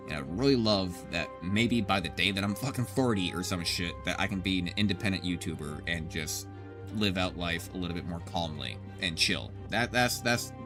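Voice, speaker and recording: A man in his thirties giving casual, rambling gameplay commentary as a streamer, swearing often and talking to his chat. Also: low voice. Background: background music.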